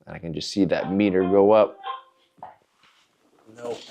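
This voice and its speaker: A man hosting a podcast, telling a personal story in a candid, introspective way, in short halting phrases. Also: deep voice, fairly even intonation, gravelly, mellow, a little hiss or hum. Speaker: podcast host.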